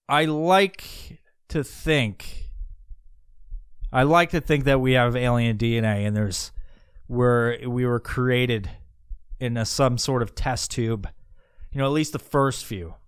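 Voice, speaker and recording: A man's voice: medium pitch, steady tone, slow pace, long pauses, clean tone, no echo, clean studio sound. A man hosting a podcast, musing aloud in a meandering, profane way, with many restarts and asides. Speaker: podcast host. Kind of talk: casual rambling monologue.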